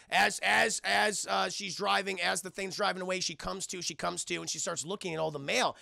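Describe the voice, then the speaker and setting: A man recapping a film for his stream chat in a casual, animated way, laughing and swearing often. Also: high voice, vocal fry, dry recording, studio quality. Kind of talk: casual profane plot recap.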